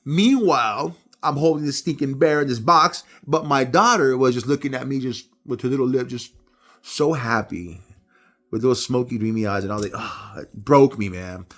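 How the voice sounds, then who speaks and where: A middle-aged man giving a casual Bible devotional talk, telling personal stories with animated, rising delivery. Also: moderate pace. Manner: animated storytelling, jumps high when acting out others. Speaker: preacher.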